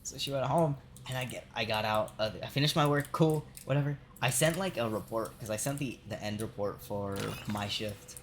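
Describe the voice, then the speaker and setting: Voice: medium pitch, normal speed, few pauses, a little hiss or hum. A young adult game streamer telling a long work story while playing, swearing often, laughing, and filling with "like" and "right?". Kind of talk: casual rambling storytelling while gaming.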